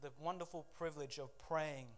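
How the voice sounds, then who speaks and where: Man, pastor, sermon, fairly high voice, swings between loud preaching and hushed telling. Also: steady tone, moderate pace.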